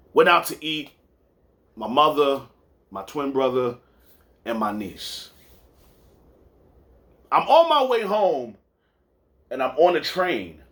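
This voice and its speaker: A man's voice: fairly high pitch, fairly bright tone. A man hosting a casual sports podcast, telling stories loosely with repeats and some swearing. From New York. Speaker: podcast host.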